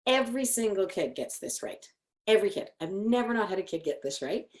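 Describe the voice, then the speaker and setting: Animated woman psychologist telling stories. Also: mid-range voice, fairly quick. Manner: animated storytelling, acting out quotes. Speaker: clinical psychologist presenting. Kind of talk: educational talk.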